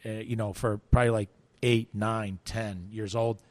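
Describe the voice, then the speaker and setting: An American man, a guest in an interview, tells a story and acts out the voices of people he quotes, often restarting his sentences. His voice is on the low side with a darkish tone and fairly even intonation, and he speaks at a normal speed. The recording has no echo.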